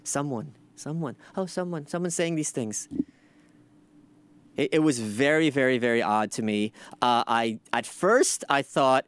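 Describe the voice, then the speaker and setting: A man hosting a podcast, ranting in casual commentary with sardonic, profane asides and animated outbursts. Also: mid-range voice, moderate pace, clean tone, no room sound. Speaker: podcast host.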